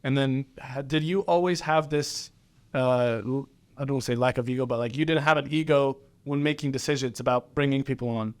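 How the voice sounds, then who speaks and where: Sex: man. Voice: smooth, clear, mid-pitched. Role: podcast co-host. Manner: probing, halting questions. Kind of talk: casual podcast conversation.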